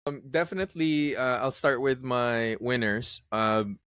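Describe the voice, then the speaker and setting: A man's voice: medium pitch, steady tone, a little slow, a bit bright, smooth, dry recording. Man, podcast co-host, emphatic, filler-heavy, dry close sound. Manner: emphatic, bold predictions, many fillers. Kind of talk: casual chat.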